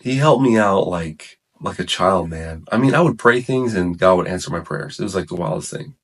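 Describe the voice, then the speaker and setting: Deep-voiced man rambling through his testimony. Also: lively intonation, moderate pace, breathy edge. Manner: rambling, self-correcting, heavy on "like" and "man". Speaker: guest sharing his testimony. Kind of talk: casual testimony chat.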